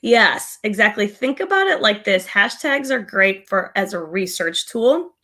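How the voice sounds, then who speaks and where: Woman, co-host, casual live-stream chat, chatty, laughs a lot, bright tone. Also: mid-range voice, very animated, measured pace. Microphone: desk mic with a gain knob.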